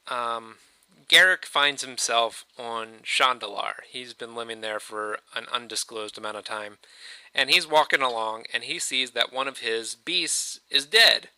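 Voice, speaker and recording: A man's voice: medium pitch, bright, forceful tone, smooth, no echo, low-quality recording. A man hosting a show, retelling a story in a loose, chatty way with many fillers. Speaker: host.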